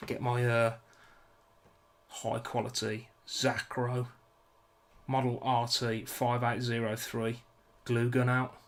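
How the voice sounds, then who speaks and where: A young British man with a mid-range voice chats casually with his live-stream viewers while working at a bench, joking about himself and apologising a lot. His delivery is completely flat, and he speaks slowly with frequent pauses.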